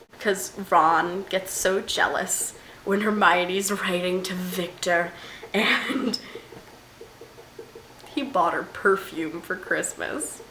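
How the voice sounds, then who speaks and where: A young woman talking through a book in a casual vlog. She is animated and self-mocking, swinging into mock outrage. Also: medium pitch. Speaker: book vlogger. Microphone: camera mic. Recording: roomy room with faint hiss.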